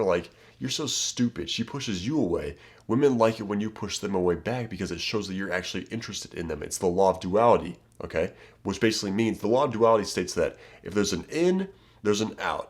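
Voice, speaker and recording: Man, low voice, dating coach, casual advice talk, emphatic, keeps saying okay and right. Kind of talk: direct-to-camera advice talk.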